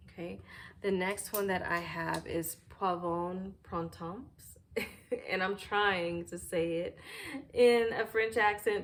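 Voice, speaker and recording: A woman with a slightly low voice talks through perfumes in a relaxed home review. She pauses often with "um" and feels her way toward each description. A faint background hum sits under her voice. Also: gravelly. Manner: thoughtful, searching for words with many ums. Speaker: fragrance reviewer. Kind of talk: casual product review. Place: home room with a fireplace.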